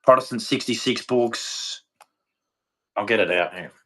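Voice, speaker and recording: A man's voice: on the low side, unhurried, sharp tone. An Australian man from Australia giving a blunt, rambling opinion rant to camera, swearing freely. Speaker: vlogger.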